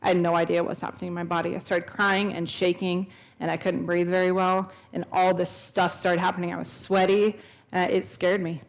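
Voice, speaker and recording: A woman's voice: on the low side, flat delivery, a little fast. Woman giving an earnest church testimony. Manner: earnest storytelling, acts out quoted dialogue. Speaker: speaker at a church. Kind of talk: personal testimony talk. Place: church sanctuary.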